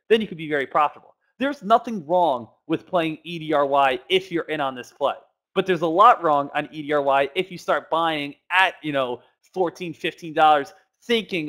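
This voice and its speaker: A man's voice: on the high side, brisk. Upbeat man explaining stock charts. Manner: energetic, rhetorical questions, mimics traders' voices. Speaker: stock trading educator. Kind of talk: chart walkthrough lesson.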